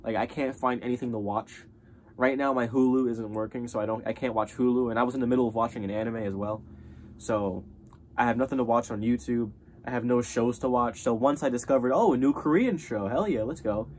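A man's voice: mid-range voice, little pitch movement, a little fast, a little mellow, slight background noise. Rambling young man with hesitant fillers. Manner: rambling, full of fillers and restarts. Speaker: vlogger reviewing a TV show. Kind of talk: casual spoken review.

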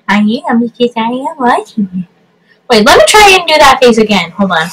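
A woman vlogging casual reaction commentary at home by her computer, excitable and giggly, with lots of fillers. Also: fairly high pitch, fairly quick, noisy background. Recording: music playing underneath.

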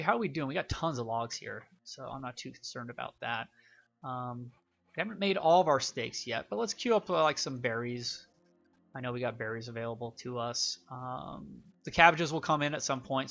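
A man's voice: mid-range voice, creaky, a bit bright, dull audio. A young man hosting a gaming channel, giving casual, rambling game commentary with many fillers.

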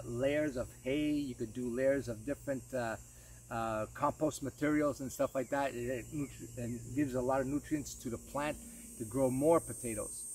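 A man's voice: mid-range voice, a little mellow, far from the mic, a little hiss or hum, poor audio. A man walking through his vegetable garden, talking casually to viewers and drifting into preachy warnings, calling them folks. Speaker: vlogger gardener. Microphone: camera on tripod outdoors.

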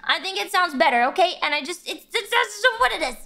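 A young woman livestreamer chatting casually while gaming, rambling and repeating herself, blunt but quick to apologize. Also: very high voice, animated, over music. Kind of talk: casual game stream chat.

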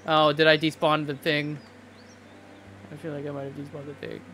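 A man's voice: fairly high pitch, monotone, normal speed, background noise. Chatty young man streaming a game. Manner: chatty, rambling, stammering restarts. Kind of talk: casual gameplay commentary. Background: game music.

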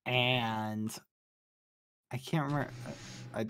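A man giving a rambling tour during a game role-play. He talks haltingly with many fillers and breaks into high, shocked yelps when flustered. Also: fairly even intonation, a bit bright, clear, resonant tone. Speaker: streamer showing his base. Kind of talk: casual role-play chat while gaming.

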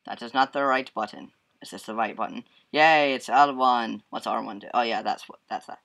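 Excitable male let's-play commentator with a bright, sharp tone; yelps, laughs and hums while he plays. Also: mid-range voice, moderate pace, vocal fry. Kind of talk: casual gameplay commentary.

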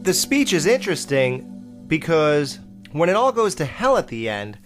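A man's voice: on the high side, sing-song, measured pace, soft background music. Blunt, profane man reviewing a horror film. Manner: blunt and profane, exclaims and mocks characters. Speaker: podcast host reviewing horror films. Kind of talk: casual film review monologue.

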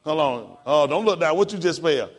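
A pastor teaching a class in a casual, encouraging way, spelling words out letter by letter. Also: male voice, on the high side, expressive, normal speed.

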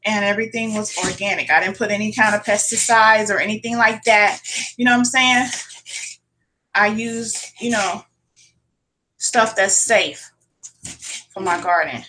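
A woman's voice: mid-range voice, a little slow, pauses often, bright, forceful tone, slight background noise, rough recording. A woman hosting her own cooking vlog from her kitchen, chatting casually to viewers, swearing freely and calling them y'all. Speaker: cooking channel host. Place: home kitchen.

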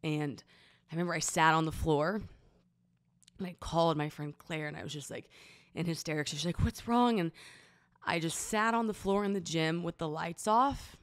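A young woman with a low voice shares a personal story on her podcast, close to tears. She talks haltingly, restarting sentences and leaning on filler words. The sound is dry and close, with no room around it. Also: no echo. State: emotional, near tears. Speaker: podcast host. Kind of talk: personal confessional monologue.

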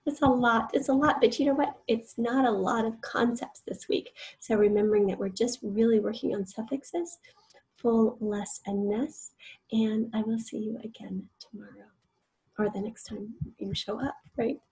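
A spelling teacher, a woman with a soft, very breathy voice and a mellow, darkish tone. She walks through each word patiently, sounding out its parts and explaining the rules as she goes. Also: on the high side, fairly even intonation, normal speed, poor audio. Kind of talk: recorded spelling lesson.

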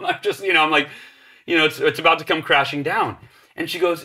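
Guy in his 40s, bright punchy voice, telling a story and doing all the voices. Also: on the high side, fast. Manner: acts out voices in his stories, energetic. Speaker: podcast guest. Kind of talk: animated storytelling.

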